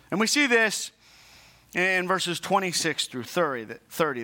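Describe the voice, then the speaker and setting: Pastor, male, high bright voice, chatty sermon with humorous asides. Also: sing-song, normal speed. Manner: conversational preaching with asides and self-deprecating humor; frequent restarts and repeated words.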